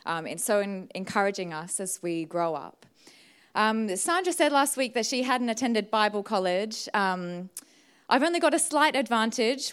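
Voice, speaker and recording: A woman's voice: medium pitch, smooth. A young woman giving a sermon at a church service, candid and emotional, tearing up at moments. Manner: emotional, warm and candid, laughs and tears up at times. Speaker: guest preacher.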